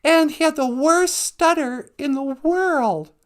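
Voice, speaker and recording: A woman co-host telling an anecdote in a giggly, animated way. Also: high-pitched, slow pace.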